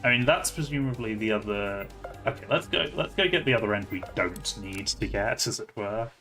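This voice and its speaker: Guy with a lowish voice reading game text out loud and chatting about it, streamer. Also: lively intonation, a little fast, faint music behind. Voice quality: chatty, reads lines out and then reacts to them. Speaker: streamer playing a story game. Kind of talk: reading game narration aloud with live commentary.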